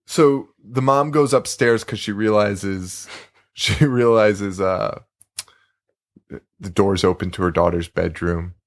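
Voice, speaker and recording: A man's voice: lowish voice, takes it slowly. A man co-hosting a podcast in casual chat, rambling loosely, laughing often and swearing casually. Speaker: podcast co-host.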